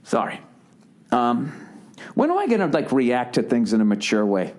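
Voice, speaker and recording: A man's voice: medium pitch, huge pitch swings, normal speed, darkish tone. A middle-aged man hosting a podcast, talking casually in a profane, worked-up rant. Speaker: podcast host. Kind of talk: casual monologue.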